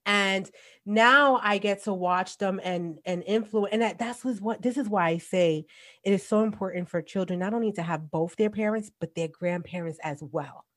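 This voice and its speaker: A woman in her forties, a guest on a casual podcast, talking bluntly and telling animated stories about raising kids, with a New York accent. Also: mid-range voice, moderate pace. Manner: blunt, animated storytelling with laughs.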